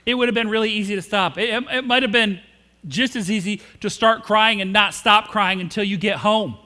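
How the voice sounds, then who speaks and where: A man's voice: high-pitched, brisk, bright, forceful tone, long reverb tail. A man preaching a sermon as pastor, telling the story with humor and asking the congregation questions. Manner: humorous storytelling, acts out quoted characters. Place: church sanctuary.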